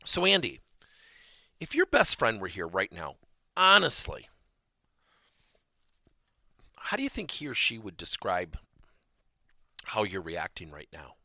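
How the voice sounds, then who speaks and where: A man teaching a podcast lesson with a lively, swooping delivery and a bright, forceful edge. He stresses his points hard and slips into little acted dialogues with imagined employees. The sound is dry and close. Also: lowish voice, a little slow, creaky, pauses often, dry recording. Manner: animated, emphatic, acts out example dialogues. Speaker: podcast host and coaching trainer.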